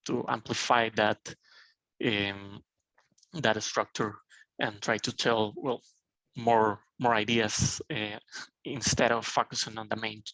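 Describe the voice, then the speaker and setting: A man's voice: lowish voice, fairly even intonation, takes it slowly, vocal fry, fairly bright tone, no room sound, low-quality recording. A male student on a video call, speaking hesitantly with many fillers while asking the teacher about the answer template. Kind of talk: asking in class.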